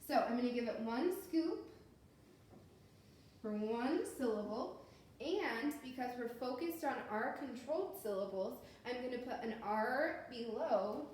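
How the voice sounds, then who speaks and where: A woman's voice: fairly high pitch, darkish tone. Woman teaching phonics in an echoey room. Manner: patient, step-by-step explaining. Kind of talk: phonics lesson walkthrough. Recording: very echoey room with faint noise.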